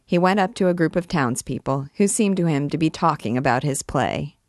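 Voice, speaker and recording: A woman reading a classic novel aloud in a measured, expressive way as a guide to the book. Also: sits low, dry recording, clean studio sound.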